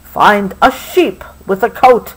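A woman reading a picture book aloud, giving the lines of a kind, brisk female vet. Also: mid-range voice, breathy edge, poor audio. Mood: reassuring.

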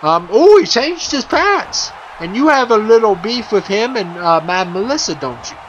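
A man giving playful, excitable wrestling commentary over a video game, chuckling often and full of fillers and restarts. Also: high voice, moderate pace, dull audio, slight background noise.

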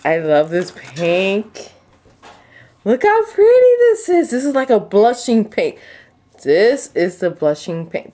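A woman chats through an unboxing of her new craft kit, gushing at every item. She talks at an unhurried pace, but her voice swoops widely and jumps into high excited squeals. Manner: gushing, breathless exclamations, leaps to high squeals. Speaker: crafting vlogger.

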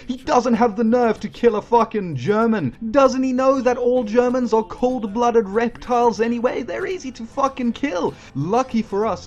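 A man's voice: high voice, highs cut off. A man giving crude, sardonic comedy commentary over gameplay, swearing constantly. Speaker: gaming commentator.

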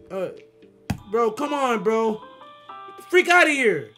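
Brief: excitable gaming host, high bright voice, slangy and jumpy, faint music underneath. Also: male voice, slow, long pauses. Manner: excitable, slangy, talks to viewers, reads game dialogue aloud. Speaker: gaming YouTuber. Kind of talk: casual horror game commentary.

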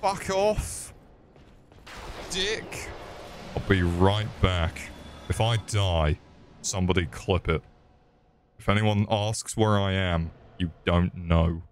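Man, lowish voice, crude joking gameplay chatter, home mic, faint room hum. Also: steady tone, takes it slowly. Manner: crude joking banter with chat. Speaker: streamer. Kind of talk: casual gameplay commentary. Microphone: desk microphone.

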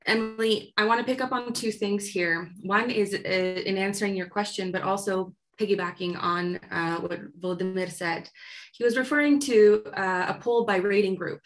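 A woman moderating an academic panel discussion, speaking in a measured, sympathetic way as she steers the talk. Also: mid-range voice, rough recording.

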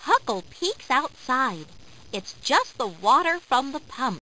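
A woman narrating a children's storybook game in a slow, clear, expressive way. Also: high voice, background noise.

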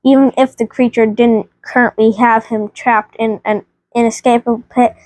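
A woman's voice: a little high, level tone, moderate pace, darkish tone, no room sound. A woman hosting a family vlog, reading a children's book aloud with frequent stumbles and restarts.

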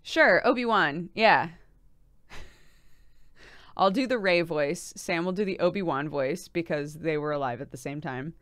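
Young woman streamer, candid and chatty, reads chat aloud and laughs easily; slightly low, resonant voice. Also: measured pace, long pauses, fairly bright tone, dry recording, studio quality. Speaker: game streamer. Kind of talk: casual chat with stream viewers.

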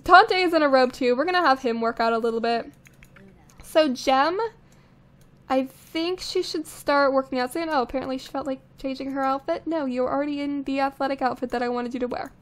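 A woman's voice: high voice, brisk, fairly bright tone. A young woman giving casual, chatty gameplay commentary, thinking aloud with frequent little laughs, recorded on a condenser mic. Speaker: let's play host. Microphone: studio condenser microphone.

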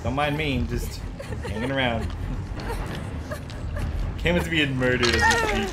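A woman playing a horror game with a friend, often shrieking, yelling and cackling in playful, teasing banter. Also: very deep voice, unhurried, very noisy. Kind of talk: screaming let's-play banter. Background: game music.

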